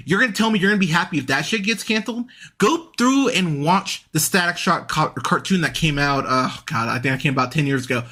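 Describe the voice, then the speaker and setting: A podcast host in full rant, cursing freely and sounding fed up. His voice sits high and sharp, cutting through with a bright, forceful edge. He slips into mocking voices now and then to sneer at his opponents. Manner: heated, profane, exasperated ranting with sarcastic mock voices. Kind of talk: ranting podcast commentary.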